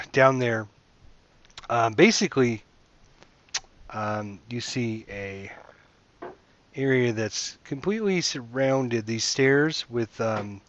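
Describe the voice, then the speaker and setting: Hesitant, slow-talking male game master. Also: mid-range voice, a bit bright, no room sound, lo-fi sound. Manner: hesitant, meandering with many fillers. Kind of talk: narrating a tabletop game over voice chat.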